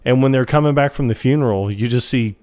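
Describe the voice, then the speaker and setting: A man's voice: mid-range voice, fast, darkish tone, smooth. A man co-hosting a podcast, chatting casually and retelling scenes in a rambling way with lots of fillers. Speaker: podcast co-host. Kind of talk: casual chat.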